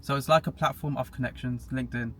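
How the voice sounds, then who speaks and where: A man's voice: mid-range voice, fairly even intonation, fast talker. A young man chatting casually as a podcast guest, matter-of-fact and laughing at himself now and then. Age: young adult. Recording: faint background hiss.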